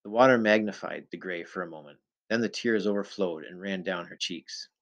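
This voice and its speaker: A man reading a novel aloud in the first person, in a measured, low-key storytelling manner. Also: a bit bright. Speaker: audiobook narrator.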